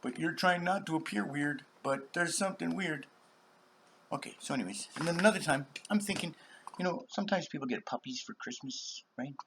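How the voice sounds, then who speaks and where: A man rambling on in a monologue, acting out other people's voices and swinging between loud outbursts and whispers. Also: on the high side, brisk, vocal fry, background noise. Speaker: channel host.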